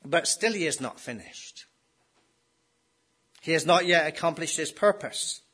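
A man's voice: fairly high pitch, expressive, unhurried, sharp tone, slightly rough. A man preaching a sermon in a conversational way, often asking his listeners rhetorical questions.

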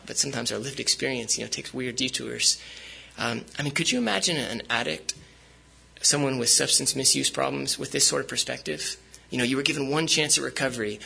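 A man's voice: medium pitch, vocal fry, sharp tone, slightly rough, low-quality recording. A man preaching a sermon as pastor, speaking conversationally with frequent fillers and restarts.

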